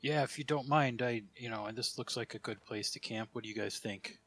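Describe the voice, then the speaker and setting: A man's voice: mid-range voice, fairly quick, fairly bright tone, faint music behind. A man playing a tabletop game, easygoing and rambling with fillers. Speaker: player.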